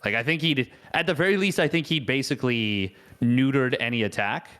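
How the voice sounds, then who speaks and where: Male esports caster, mid-pitched, playful and chatty, riffing live. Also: a little fast, fairly bright tone, smooth. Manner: playful, jokey, rambling.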